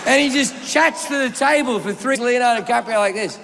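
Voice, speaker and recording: A man with an Australian accent works a live stand-up set, spinning a rambling, profane anecdote and acting out everyone in it. His voice sits high and gravelly. The sound comes from a reverberant venue with loud ambience behind him. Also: a little fast, crowd noise, noisy background. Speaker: stand-up comedian. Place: comedy stage before a live audience.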